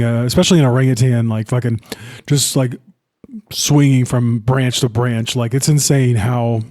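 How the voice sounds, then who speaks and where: A young man with a mid-range, slightly mellow voice co-hosts a podcast, loosely discussing a film and swearing a lot along the way.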